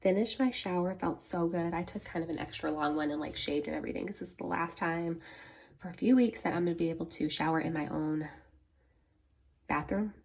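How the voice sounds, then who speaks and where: A woman's voice: on the low side, a little fast, gravelly, husky. A young woman chatting casually at home for her vlog, a little congested and nasal, with plenty of fillers. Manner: chatty, filler-heavy, speaks softly at times. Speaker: vlogger. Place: at home, bedroom.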